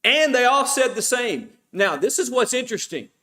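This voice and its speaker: A man's voice: very high-pitched, sing-song, normal speed, bright, forceful tone. A middle-aged man teaching an informal Bible study class at church. He asks the class questions and then answers them himself.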